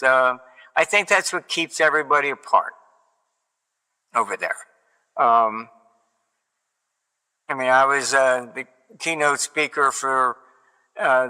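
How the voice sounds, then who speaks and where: Older male interview guest, bright and smooth-voiced, rambling through wry stories, heard with a long reverberant room tail. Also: mid-range voice. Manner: digressive storyteller, wry and matter-of-fact. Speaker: interview guest, market forecaster. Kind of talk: rambling anecdotal interview talk.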